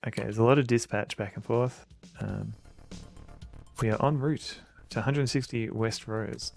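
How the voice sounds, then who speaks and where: A man's voice: mid-range voice, moderate pace, vocal fry, darkish tone, faint music behind. An Australian man streaming an old adventure game, joking around and reading the game's text aloud into a desk mic. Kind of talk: casual let's-play commentary.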